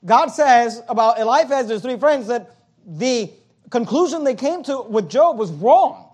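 A man preaching an evening sermon as pastor, teaching verse by verse, with repeated words and "uh" fillers, getting louder when he quotes scripture. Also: very high voice, animated, measured pace, breathy edge.

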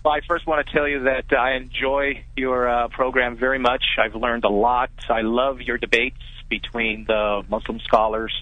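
A man's voice: mid-range voice, little pitch movement, moderate pace, no room sound. Male caller from California, hesitant and filler-heavy, tinny dry phone line. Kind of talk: call-in question.

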